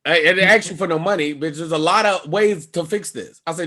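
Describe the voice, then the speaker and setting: Male comic guest, slightly high voice, bright and forceful, spins a profane story full of voices. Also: brisk, few pauses. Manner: profane, acts out people's lines with big jumps in pitch and loudness. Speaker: stand-up comedian guest. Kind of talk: animated storytelling on a podcast.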